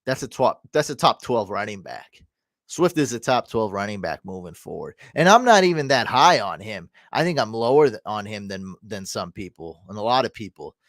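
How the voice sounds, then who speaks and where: A man hosting a live fantasy football stream, casually answering viewer comments and often breaking into excited, loud cheering. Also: lowish voice, dry recording, studio quality. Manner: answers chat comments quickly. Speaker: fantasy football livestream host.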